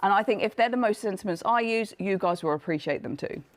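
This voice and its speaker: A woman with a hoarse, failing voice, chattily presenting her craft collection on a live shopping show. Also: mid-range voice, quick pace. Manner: chatty, self-deprecating, laughs often. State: coughing, losing her voice.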